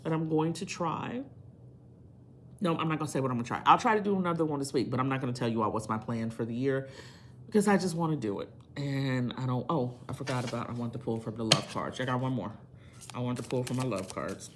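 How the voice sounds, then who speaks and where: A woman's voice: a bass voice, fast talker, a little hiss or hum. A woman tarot reader talking straight to her viewers in a casual video, earnest and emphatic like a pep talk.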